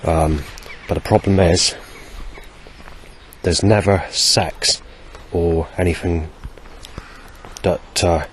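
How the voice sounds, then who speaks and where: A man vlogging a spoken diary outdoors, halting and correcting himself as he goes. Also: deep voice, a little hiss or hum. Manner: halting, with many restarts and self-corrections. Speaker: vlogger recording a daily log.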